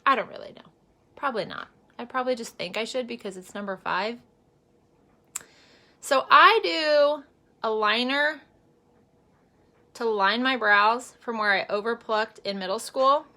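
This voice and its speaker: Bright, chatty woman vlogger. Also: fairly high pitch, a little slow, long pauses. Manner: chatty and rambling, with many fillers; earnest and emotional about faith. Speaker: makeup vlogger and direct seller. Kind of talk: casual chatty makeup vlog.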